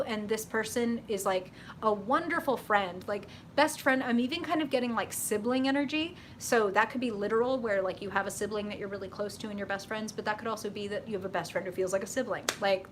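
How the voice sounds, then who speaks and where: A woman hosting a live tarot reading stream, chatty and excitable, with lots of fillers and laughter. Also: mid-range voice, brisk, slight background noise.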